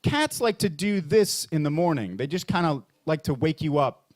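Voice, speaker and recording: A man's voice: expressive, normal speed. A man hosting a bar comedy open mic, rambling through a stand-up bit with lots of fillers and restarts, jumping into mock voices for the punchlines. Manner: jumps into high mock voices and low pompous voices for bits.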